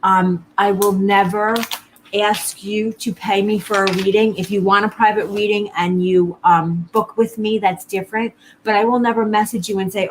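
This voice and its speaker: A woman's voice: medium pitch, fairly even intonation, normal speed, a little hiss or hum, rough recording. A woman psychic medium doing a live-streamed reading, talking to viewers in an earnest, reassuring way and often repeating herself.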